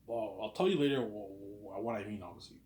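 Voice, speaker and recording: A man's voice: on the low side, fast talker, darkish tone. Rambling man in an echoey room. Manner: repeats "obviously" and "man", chatty and self-assured. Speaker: vlogger. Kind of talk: casual rambling monologue. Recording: roomy echo.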